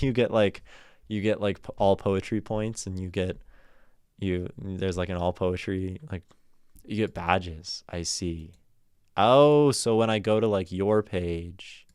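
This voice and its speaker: Slow, low-voiced man chatting on stream. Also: smooth, no room sound, clean studio sound. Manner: loose and rambling, thinking aloud. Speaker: poetry streamer. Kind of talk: casual livestream chat about poetry.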